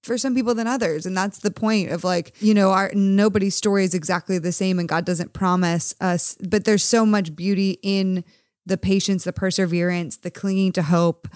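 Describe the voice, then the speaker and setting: A woman's voice: mid-range voice, fairly even intonation, normal speed, darkish tone, dry recording, clean studio sound. A woman hosting a faith-based podcast, chatting enthusiastically and affirming her guests with frequent laughs. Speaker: podcast host.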